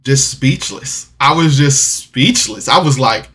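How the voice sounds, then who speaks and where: A man vlogging a personal story, candid and rambling, doubling back with restarts and rueful laughs. His voice is bright and forceful, sitting at an ordinary pitch for a man. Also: expressive, slow. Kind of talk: casual personal storytelling to camera.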